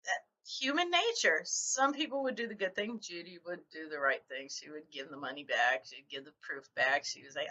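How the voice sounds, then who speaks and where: A woman's voice: low voice, moderate pace. A middle-aged woman vlogging about her writing, telling stories animatedly and acting out other people's reactions. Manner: animated storytelling, acts out quoted reactions. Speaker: novelist vlogger. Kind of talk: casual talk to camera. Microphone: camera mic. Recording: dull lo-fi camera audio.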